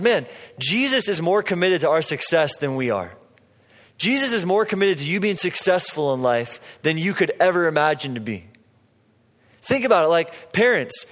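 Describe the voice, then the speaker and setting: A young man giving a sermon as a preacher, conversational and animated, with frequent fillers. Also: high voice. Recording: long hall reverb.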